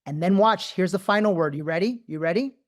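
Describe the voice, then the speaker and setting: A man hosting a live-streamed spiritual talk, animated and profane, who repeats words in quick bursts. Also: high-pitched. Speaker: host.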